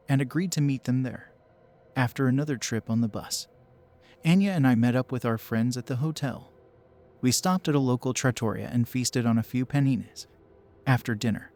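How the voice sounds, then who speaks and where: A man narrating a first-person horror story in a steady, measured storytelling voice. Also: medium pitch, dry recording.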